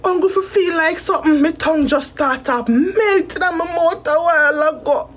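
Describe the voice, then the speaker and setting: High-voiced Jamaican woman, emotional rant. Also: normal speed. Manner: emotional, rambling rant in Jamaican Patois with heavy swearing. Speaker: content creator. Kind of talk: casual talk to camera.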